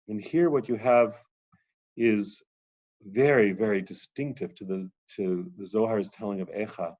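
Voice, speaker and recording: A man's voice: lowish voice, measured pace, darkish tone, muffled recording. A man lecturing on a text, reading passages aloud with rising drama and then explaining them.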